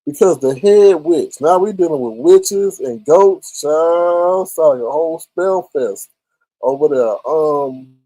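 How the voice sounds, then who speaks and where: A man's voice: on the high side, slow pace, dark tone, dry recording, poor audio. A man hosting a live stream, chatting sassily with his chat and reacting to their messages. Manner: sassy, chatty, talks straight to chat. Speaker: livestream host reading chat. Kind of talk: casual live-stream commentary.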